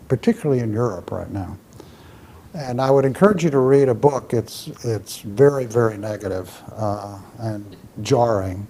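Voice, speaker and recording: A man's voice: fairly low pitch, darkish tone, slight background noise. A man, an ambassador, giving an emphatic public talk full of stories and answering audience questions as he moves around. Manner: emphatic storyteller, restless, moves around while speaking. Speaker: ambassador speaking at a forum.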